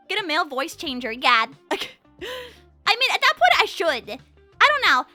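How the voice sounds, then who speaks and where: A young woman streaming at home, chatting casually with her chat into a condenser mic, her voice swinging from high and excited to low and quiet. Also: unhurried, no room sound, faint music behind.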